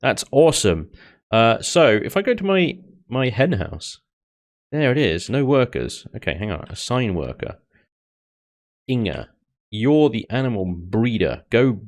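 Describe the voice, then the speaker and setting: A man's voice: mid-range voice, sing-song, a little slow. A man giving casual, joking commentary while playing a video game, laughing often. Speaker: gaming YouTuber.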